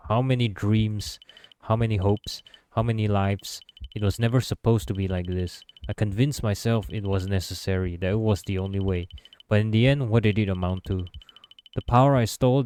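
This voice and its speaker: A man's voice: on the low side, a little mellow, smooth, close to an everyday voice. A man voicing a defeated young male fighter full of remorse, read aloud as the hero's inner narration of a story game. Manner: despairing, remorseful.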